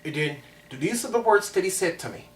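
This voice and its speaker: Animated man in a roomy echo. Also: high voice, fairly quick. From Chicago. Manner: animated, emphatic, repeats phrases. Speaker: vlogger. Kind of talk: personal storytelling. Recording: roomy sound from a distant mic.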